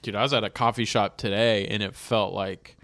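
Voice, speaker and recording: A man's voice: fairly low pitch, fairly even intonation, brisk, fairly bright tone, no room sound, clean studio sound. Laid-back male podcast co-host. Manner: laid-back, laughs easily, riffs on jokes. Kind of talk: casual comedic chat.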